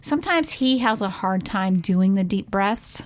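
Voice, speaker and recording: A woman's voice: medium pitch, expressive, measured pace. A middle-aged woman co-hosting a casual podcast, recounting events in an earnest, conversational way with frequent "like" fillers. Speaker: podcast co-host, parent.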